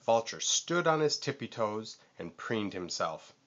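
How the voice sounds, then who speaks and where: Low-voiced uncle reading a storybook. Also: male voice, big pitch swings, a little slow, pushed and bright, lo-fi sound. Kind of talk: storybook read-aloud.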